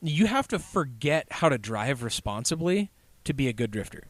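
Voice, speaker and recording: Animated man in casual podcast chat. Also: mid-range voice, moderate pace, dry recording. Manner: animated, acts out other drivers' voices with swearing. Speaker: podcast guest.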